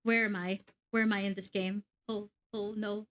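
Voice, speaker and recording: A young woman livestreaming a game, chatting excitedly and swearing casually at her gear. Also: medium pitch, normal speed. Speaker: VTuber streamer.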